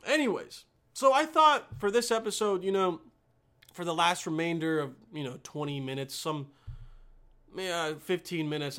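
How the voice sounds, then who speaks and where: An American man from the United States hosts a podcast, rambling through a profane, casual monologue and chuckling often. His voice is fairly high-pitched with a sharp edge.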